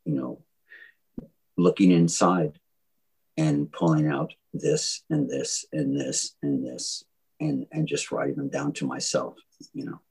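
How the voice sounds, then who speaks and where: Give me a deep, husky-voiced man with a soft Southern drawl, musing haltingly in an interview. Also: lively intonation, rough recording. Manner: halting, many restarts and "you know"s. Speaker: songwriter guest. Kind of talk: reflective interview talk.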